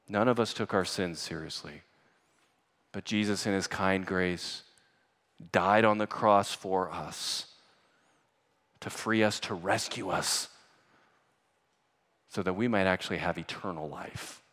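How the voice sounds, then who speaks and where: A man's voice: low voice, steady tone, slow, long pauses, a bit bright, in a large hall. A man preaching a sermon to his church in an earnest voice that rises to urgent emphasis. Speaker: pastor. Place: church sanctuary.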